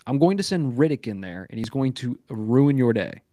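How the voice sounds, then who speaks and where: A man's voice: medium pitch, expressive, normal speed, warm tone, no room sound. A man co-hosting a live podcast, rambling and profane, leaning on "right?" and "like" as he talks. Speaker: podcast co-host. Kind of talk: casual live podcast chat.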